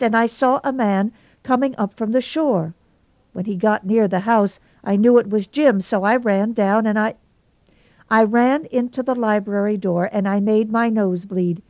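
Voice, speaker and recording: A woman voicing a proud, quick-tempered young woman in a storybook reading. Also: a little high, dry recording, natural voice. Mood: stormy. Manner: stormy, indignant. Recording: dull lo-fi recording.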